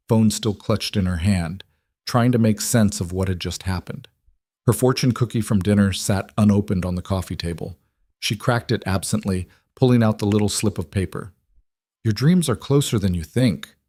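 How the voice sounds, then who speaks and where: Low-voiced male audiobook narrator. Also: darkish tone, dry recording, clean studio sound.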